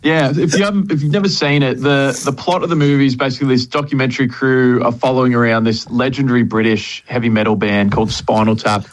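A man's voice: mid-range voice, fairly even intonation, fast, few pauses, rough recording. A man on a radio show explaining a film's plot with enthusiasm. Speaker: radio guest, film reviewer. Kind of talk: casual radio chat.

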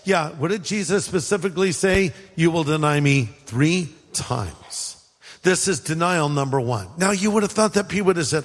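A pastor from California preaches in a high-pitched male voice, loose and conversational, dropping playful asides between points. His voice rings out with a long reverb, as in a large church auditorium. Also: animated, normal speed. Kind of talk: sermon.

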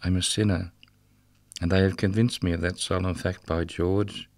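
A man's voice: low-pitched, flat delivery, moderate pace, dry recording, pitched below the performer's own voice. A man reading a rhythmic dramatic monologue as the ghost of a murdered, drunken prison guard, bitter and mocking. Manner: rhythmic, incantatory delivery.

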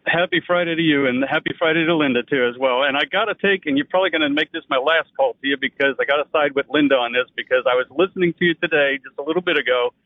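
A man's voice: fairly high pitch, rapid-fire, hardly any pauses, no echo. A man from Pennsylvania calling in to a radio show, friendly and teasing. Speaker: caller. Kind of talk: call-in radio talk. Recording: tinny phone line.

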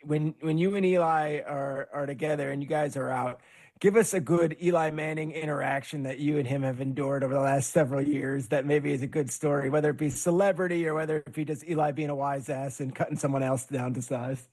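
A man hosting a sports talk show, upbeat and quick to laugh. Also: on the high side, fairly even intonation, darkish tone. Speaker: host.

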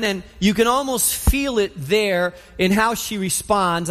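A man preaching a sermon, telling a story in an animated way and acting out scenes. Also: high-pitched. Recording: long hall reverb.

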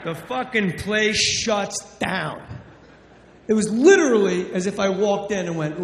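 Man from New Jersey, stand-up comedian, brash, profane, high pitch, long reverb. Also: animated, unhurried, noisy background. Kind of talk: stand-up routine. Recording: echoey live club with long reverb.

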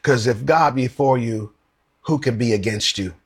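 A man's voice: medium pitch, moderate pace, husky. A man preaching a sermon. He reads Bible verses aloud and asks his listeners questions. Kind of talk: sermon with scripture reading.

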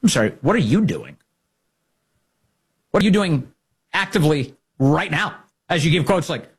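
A man's voice: a little high, very animated, normal speed, pauses often, slightly rough. A man giving sarcastic, mocking political commentary as a host.

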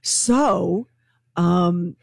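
A woman co-hosting a morning radio show, telling a news story to her co-hosts in an excitable, gossipy way. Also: fairly low pitch, drawn-out words, gravelly, dry recording. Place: radio studio.

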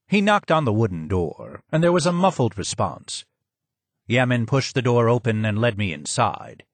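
A man reading scripted audiobook narration in a measured, even way. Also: medium pitch, no room sound.

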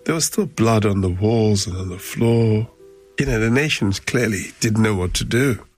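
A man's voice: on the low side, moderate pace, slightly rough, soft background music. A man recalling past events in an interview, speaking in a reflective, emotional way. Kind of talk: personal recollection.

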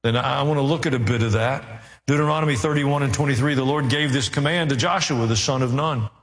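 Earnest preacher in a reverberant hall. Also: male voice, fast talker. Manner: earnest, rising in pitch and intensity, dry asides. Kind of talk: sermon.

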